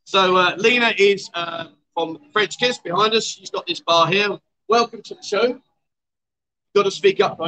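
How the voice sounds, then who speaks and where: A man's voice: sits high, normal speed, pushed and bright, rough recording. A man hosting a casual livestream chat show at a bar, teasing and coaxing his guests. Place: outdoor bar.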